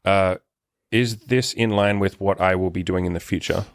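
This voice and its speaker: Deep-voiced man coaching. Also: steady tone, normal speed, no room sound, studio quality. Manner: frank, profane, coaching tone. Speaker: podcast host and life coach. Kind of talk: casual podcast chat.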